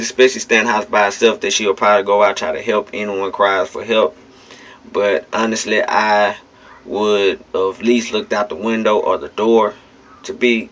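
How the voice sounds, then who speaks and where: A man's voice: fairly low pitch, fairly bright tone. A man giving casual, blunt, emphatic spoken commentary straight to his listeners, with some swearing. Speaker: vlogger. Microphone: phone. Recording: dull lo-fi phone recording.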